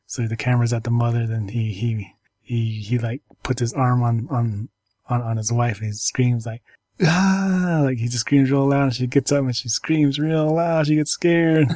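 Telling stories and browsing apps, a man leads an easygoing chat in a halting way, full of ums and fresh starts. The recording is dry, and his mellow mid-range voice shows little pitch movement.

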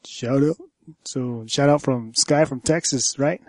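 A man's voice: medium pitch, a little slow, no room sound. A man hosting a podcast, wrapping up the episode in a laid-back, repetitive way. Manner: laid-back, repeats "cool, cool". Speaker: podcast host. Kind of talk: casual podcast wrap-up.

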